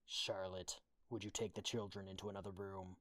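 A man's voice: low voice, little pitch movement, normal speed, fairly bright tone, dry recording. A man voicing a cold, threatening young woman who talks in curt, level threats, read as a storybook audiobook. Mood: quiet.

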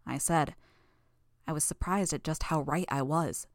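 A woman's voice: low voice, unhurried, dry recording, studio quality. A woman narrating a fan audiobook in the first person, tense and intense. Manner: tense, intense, building anger.

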